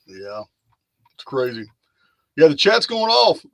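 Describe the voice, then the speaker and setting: A man's voice: on the high side, very animated, takes it slowly, vocal fry, dry recording. A man hosting a casual live chat, loose and rambling, often repeating himself as he talks. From lives in Texas. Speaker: live stream host.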